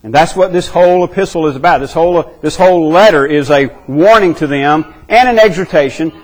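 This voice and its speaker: A man preaching a verse-by-verse sermon. His voice sits fairly high for a man. He is earnest and emphatic, and he stresses key words and circles back over his phrasing. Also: fairly quick, hardly any pauses, poor audio. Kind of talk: expository sermon.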